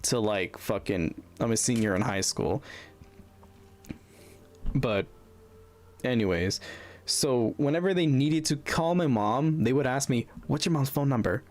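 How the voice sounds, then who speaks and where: A man's voice: mid-range voice, slow, pauses often. A young man streaming, telling a bitter story in a rambling, heavily profane way, full of fillers and restarts. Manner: bitter, venting. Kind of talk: casual storytelling on a livestream.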